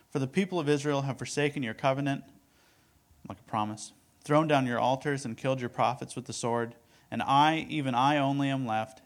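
A man giving a relaxed Bible teaching, reading verses aloud and explaining them in a chatty, conversational way. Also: mid-range voice. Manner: conversational, lots of "like" and "right?", reads verses aloud. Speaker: preacher.

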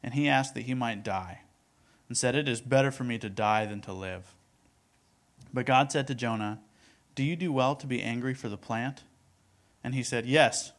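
A man teaching from scripture in an easygoing, conversational way, reading passages aloud and then explaining them in his own words. His voice sits at an ordinary middle pitch and he often checks in with his listeners. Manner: conversational, lots of "like" and "right?", reads verses aloud. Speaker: preacher.

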